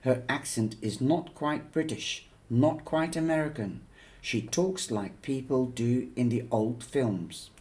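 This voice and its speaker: A man reading a novel aloud in a measured, unhurried way. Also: medium pitch, a little mellow. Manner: slow, measured, with occasional fillers and restarts. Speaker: audiobook reader.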